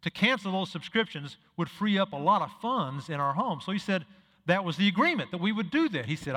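A man's voice: high voice, sing-song, brisk, sharp tone, long reverb tail. A male pastor preaching a sermon, telling stories and acting out the dialogue, building to emphatic peaks. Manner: storytelling, acts out dialogue, rises to emphatic peaks.

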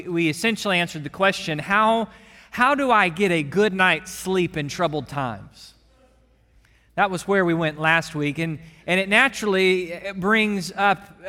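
A man's voice: a little high, pushed and bright. A man preaching a sermon to his congregation in a church sanctuary, with impassioned delivery that rises as he voices a cry of lament. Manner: impassioned preaching, rising when voicing the psalmist's cry. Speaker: pastor. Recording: long church hall reverb.

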